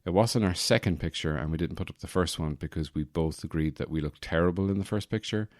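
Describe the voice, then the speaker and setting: A man's voice: low-pitched, fast talker, no room sound, studio quality. A young man hosting a casual solo podcast from his apartment, rambling and joking with lots of self-correcting asides. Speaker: podcast host.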